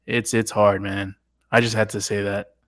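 A man's voice: on the low side, little pitch movement, normal speed, a bit bright. A man co-hosting a podcast who speaks hesitantly, stammering and restarting while giving his opinion on a TV show. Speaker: podcast co-host. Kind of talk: casual show recap chat.

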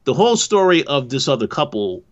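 A man co-hosting a casual talk, speaking in a measured, hesitant way with repeated words. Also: mid-range voice, sing-song. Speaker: podcast co-host. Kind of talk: casual discussion. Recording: dull lo-fi mic.

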